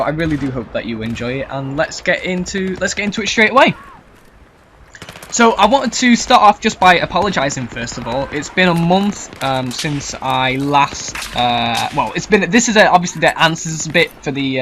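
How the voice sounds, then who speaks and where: A man's voice: a little high, a bit bright, slight background noise. A young man with a Yorkshire accent, rambling nervously and swearing through a casual Q&A commentary video. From Yorkshire, England. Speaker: gaming YouTuber.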